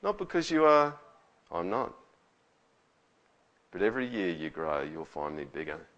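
A man reading the lines of a wise, gentle male lion from a storybook, in a slow, tender, low voice. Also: sing-song, highs cut off, exaggerated voice.

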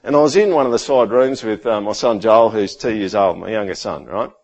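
A man in his thirties preaching a sermon in a church hall, animated and joking, acting out stories with sudden jumps in voice. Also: lowish voice, brisk, highs cut off. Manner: animated, jokey, acts out his son's lines. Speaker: pastor.

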